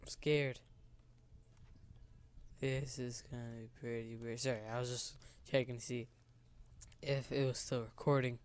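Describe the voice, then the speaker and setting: A man's voice: mid-range voice, level tone, normal speed. A man giving casual gameplay commentary in nervous, rambling remarks. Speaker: gamer.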